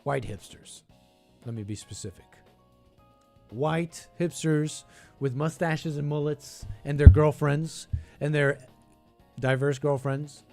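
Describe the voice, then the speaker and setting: A man's voice: fairly high pitch, slow, vocal fry, long pauses, dark tone, faint music behind. A man hosting a call-in podcast, reacting to a clip in a sarcastic, rambling way, thinking aloud. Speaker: podcast host reacting to clips. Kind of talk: casual reaction commentary.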